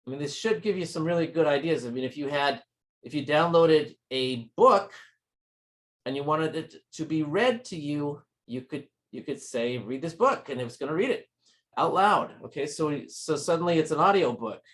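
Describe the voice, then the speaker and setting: A man's voice: a little high, lively intonation, moderate pace. A man giving a live tech demonstration at a user group meeting, explaining step by step in a friendly, informal way.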